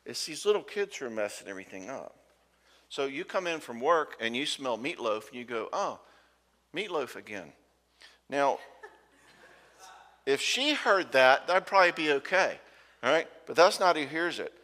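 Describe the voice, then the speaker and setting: A man's voice: medium pitch, very animated, moderate pace, sharp tone. Folksy man speaking in a church hall. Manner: folksy, joking, acts out spouses' lines. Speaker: conference speaker. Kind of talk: conference talk to couples. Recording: hall reverb.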